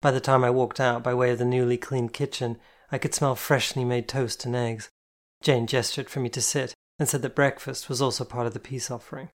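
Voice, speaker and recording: Steady first-person audiobook narrator. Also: mid-range voice, fairly quick. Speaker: audiobook reader.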